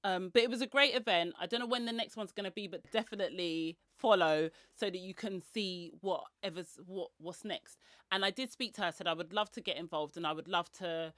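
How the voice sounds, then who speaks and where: In a dry, clean studio recording, a woman with a somewhat bright voice and slightly fast delivery chats on her solo podcast. She's casual and full of slang, voicing others' quotes with dramatic pitch leaps.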